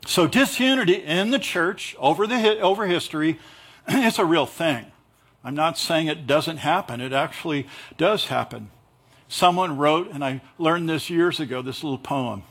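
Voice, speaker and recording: A man's voice: on the high side, normal speed, a bit bright, husky. A man preaching a sermon in a conversational way, mixing explanation of scripture with light jokes and acted-out asides. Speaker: pastor.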